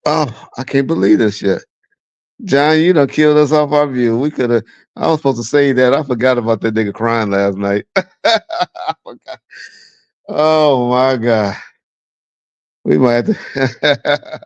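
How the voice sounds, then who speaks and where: A man hosting a live stream, reacting to a clip with loud mocking laughter and profanity. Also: mid-range voice, a little slow, long pauses, no echo. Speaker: live show host. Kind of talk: casual live-stream commentary. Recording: dull dry lo-fi sound.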